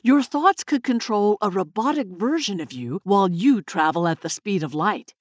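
A woman voicing a calm physicist explaining ideas in a measured way. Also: medium pitch, dry recording, clean studio sound, natural voice.

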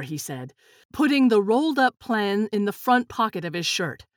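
A woman narrating a children's storybook in a steady, clear reading voice. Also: medium pitch, moderate pace, dry recording, clean studio sound. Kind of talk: children's storybook read-aloud.

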